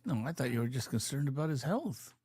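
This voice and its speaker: A man co-hosting a livestream, adding dry, low-key asides in casual chat. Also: big pitch swings, fast, darkish tone. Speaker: livestream co-host.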